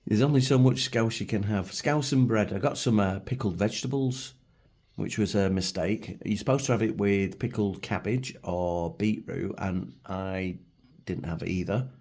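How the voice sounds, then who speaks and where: Gravelly, darkish and breathy, this lowish male voice belongs to a middle-aged Mancunian food vlogger. Sitting at a table at home, he chats and rambles casually through a review, poking fun at himself.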